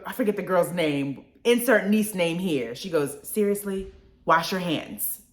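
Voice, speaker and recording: Lively young woman host in a roomy space. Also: medium pitch. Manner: animated, laughs often, repeats words. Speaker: radio show host. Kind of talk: casual live radio talk. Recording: roomy echo.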